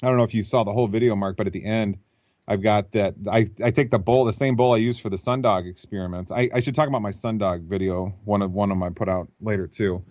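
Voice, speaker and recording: A man's voice: on the low side, fairly even intonation, fast, a little mellow, dry recording, highs cut off. A man as an interview guest, thinking aloud and explaining at length over a computer call. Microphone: computer mic.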